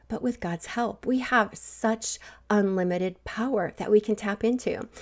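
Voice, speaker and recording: Grandmotherly woman telling a faith talk. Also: mid-range voice. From Southwest Missouri. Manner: warm storytelling with laughs. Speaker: podcast host. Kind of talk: faith-based encouragement talk.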